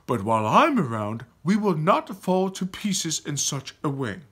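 Storybook chief: man reading a proud, scolding old chief, husky. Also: a little high, very animated, measured pace, a bit bright, pitched above the performer's own voice, full character voice. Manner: scolding, dismissive. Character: stern, proud older male tribal chief.

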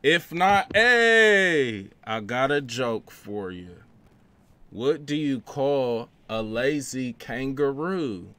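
A man's voice: medium pitch, expressive, drawn-out words, bright, forceful tone. A man hosting a gaming video, upbeat and joking with friends over voice chat. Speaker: host.

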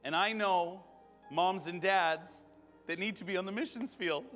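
Fervent high-voiced preacher man in a hall. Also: measured pace. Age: 30s. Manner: fervent, repeating phrases, rising to shouts. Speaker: guest preacher. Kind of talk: charismatic sermon and prayer. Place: church sanctuary. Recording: long church hall reverb with music.

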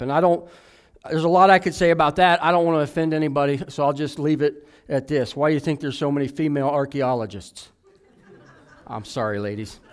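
Man, thirties, preaching a sermon, personal testimony, candid and self-deprecating, slightly high voice.

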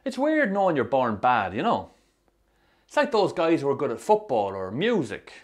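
An actor narrating a film as a troubled young Irish man with a Sligo accent, telling his rough youth in a dry, sardonic way. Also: mid-range voice, huge pitch swings, moderate pace. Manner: dry, sardonic storytelling with strong swearing. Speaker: narrator, the film's lead. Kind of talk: scripted film voice-over.

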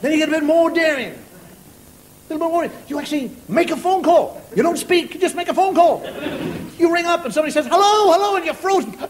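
Irish man, stand-up comic, very high voice, noisy audience behind. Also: expressive, a little fast, a loud crowd. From Ireland. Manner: storytelling, acting out voices of family and callers. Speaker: stand-up comedian. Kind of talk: stand-up monologue. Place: television studio with live audience. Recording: audience laughter and noise behind. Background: audience laughter.

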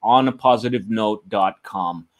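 A man hosting a live online show, wrapping up an interview in an unhurried, announcer-like way. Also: fairly low pitch. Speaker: host.

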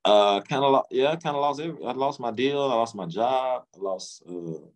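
A middle-aged man, an interview guest, telling his story casually in slangy speech, acting out quotes with sudden jumps in pitch. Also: lively intonation, normal speed. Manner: loose, slangy, lots of restarts.

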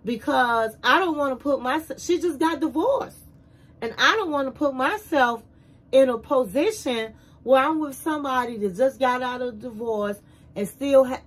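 A woman hosting a casual show recap, retelling scenes in an animated way and acting out the quotes. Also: sits high, husky, low-quality recording.

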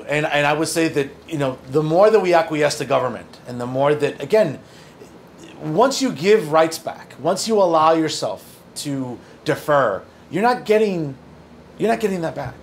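A man from northern New Jersey works through audience questions as a guest journalist, slightly high-pitched and gravelly. He talks in a loose, earnest way and drops in jokes. A faint hiss sits under the voice. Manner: conversational, joking asides, earnest. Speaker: opinion journalist and guest speaker. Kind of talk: audience Q&A talk.

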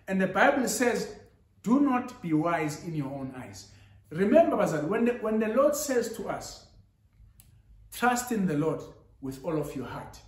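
A man preaching a sermon with rising emphasis, switching into Zulu now and then. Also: high-pitched. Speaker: pastor. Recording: echoey church hall.

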